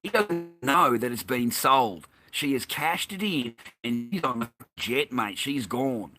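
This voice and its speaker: A man's voice: mid-range voice, animated, measured pace, bright, forceful tone, faint music behind. Ranting, foul-mouthed Australian man. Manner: rambling, heated, swears constantly. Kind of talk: profane ranting monologue.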